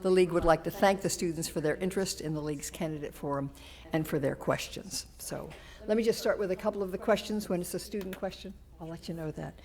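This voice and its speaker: A woman moderates a town candidates forum in a police station meeting room, talking fast in a fairly low, slightly mellow voice with a Massachusetts accent. Her speech is loose, with fillers and restarts.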